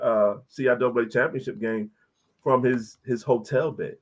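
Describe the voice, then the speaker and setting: A man's voice: medium pitch, fairly even intonation, normal speed. A man, a college basketball head coach, telling an earnest, emotional story as a guest in an interview.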